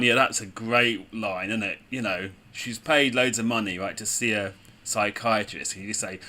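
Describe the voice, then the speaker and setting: A man's voice: on the low side, normal speed, few pauses, bright, forceful tone. Chatty man commentating a game. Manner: chatty, sarcastic asides. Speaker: gaming video host.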